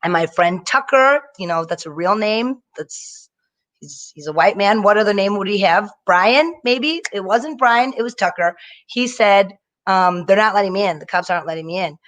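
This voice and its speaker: A young woman performing a stand-up set over a live video stream, telling stories in an animated way and slipping into mocking voices. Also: mid-range voice, normal speed. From Indian family. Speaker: stand-up comedian.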